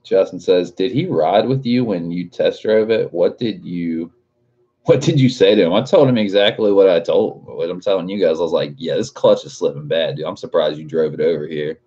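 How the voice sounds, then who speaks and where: Deep-voiced laid-back young man streaming. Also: moderate pace, dark tone, dull audio. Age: 20s. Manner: laid-back, swears a lot, laughs often. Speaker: livestream host reading chat. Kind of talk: casual livestream chat.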